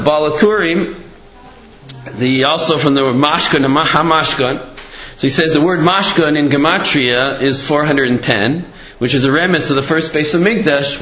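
A man teaching a religious lesson in an animated, conversational way, telling stories to make his points. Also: on the high side. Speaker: Torah teacher. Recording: roomy, slightly dull recording with faint noise.

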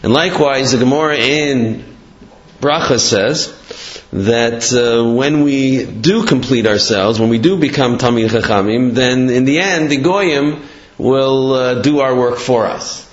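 A man giving a Torah talk, halting and restarting as he explains and tells a parable. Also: mid-range voice. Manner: halting, with many fillers and restarts. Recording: echoey room, dull lo-fi.

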